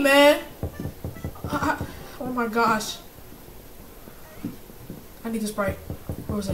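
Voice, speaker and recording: A young gamer commentating a horror game, bursting into loud panicked screams between jokey banter. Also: medium pitch, lively intonation, takes it slowly, pauses often, background noise.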